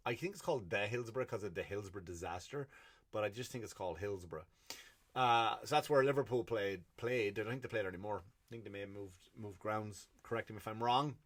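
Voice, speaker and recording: An Irish comedian from Ireland hosts his own podcast, delivering a blunt solo rant full of profanity. His voice is on the low side and a bit bright.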